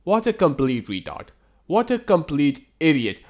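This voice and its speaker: A man ranting through a reaction commentary with exasperated sarcasm and frequent swearing. His fairly high voice leaps up and down in lively swings as he questions and scolds. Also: normal speed. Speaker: host reacting to text screenshots.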